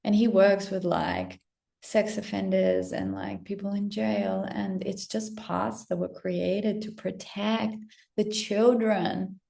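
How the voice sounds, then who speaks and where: A young woman with a gravelly edge in her mid-pitched voice. She speaks in a candid, spontaneous pep-talk style, swearing casually and sometimes sinking into soft whispers. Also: fairly even intonation, takes it slowly. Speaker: spiritual coach and vlogger. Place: indoors while traveling.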